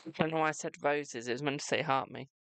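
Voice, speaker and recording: A British man hosts a live tarot stream, reading questions off his chat and answering in an affectionate, chatty way. His voice is bright and forward with a gravelly edge. The sound is dry and close. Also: a little high, fairly even intonation, no echo. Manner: affectionate, calls viewers "my darling"; chatty, reads questions aloud and answers quickly.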